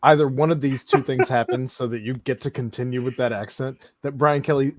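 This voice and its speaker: A man's voice: mid-range voice, fairly even intonation, brisk. A man hosting a casual sports podcast, talking in an easygoing, teasing way. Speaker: podcast host.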